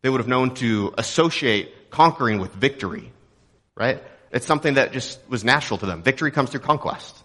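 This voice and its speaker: A man's voice: mid-range voice, expressive, fairly quick, pushed and bright. A young adult man from Texas preaching a sermon as a pastor, in a conversational, joking way with rhetorical questions. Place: church auditorium.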